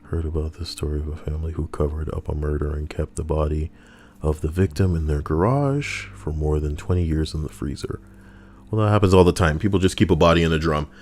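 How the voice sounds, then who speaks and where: A very deep, slightly mellow voice moves briskly as a livestream host reads posts out loud and tears into them with crude sarcasm, all captured on a close desk mic.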